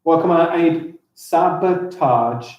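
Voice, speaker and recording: A man teaching a primary school class on a live stream, enthusiastic and encouraging, reading lines slowly aloud as he counts them out. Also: fairly high pitch, a little mellow, roomy sound, dull audio.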